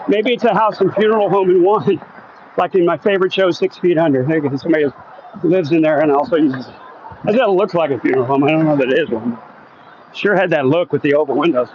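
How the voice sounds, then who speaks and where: An Oklahoma man livestreams while walking a residential street at night, reading viewers' comments aloud in a chatty, wry, joking way and sounding a bit out of breath from the uphill climb. He speaks quickly in a voice slightly high for a man, over dull phone audio with faint outdoor noise behind.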